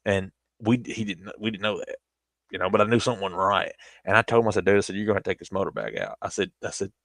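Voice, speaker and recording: A man's voice: deep voice, lively intonation, fast, vocal fry, a bit bright, no echo, studio quality. A man with a Southern US accent telling a long casual story on a stream, rambling with restarts.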